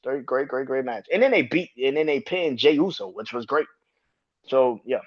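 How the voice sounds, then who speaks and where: A man hosting a podcast, reviewing wrestling in a casual, profane rant. He keeps jumping into high-pitched outbursts. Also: animated, moderate pace, highs cut off. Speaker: podcast host.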